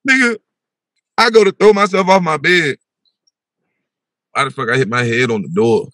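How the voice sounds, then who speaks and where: A young man telling a wild personal story on a podcast, animated and full of slang, acting out his own voice with big swings in pitch. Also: moderate pace, dry recording. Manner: slangy, repeats "bro" and "yo".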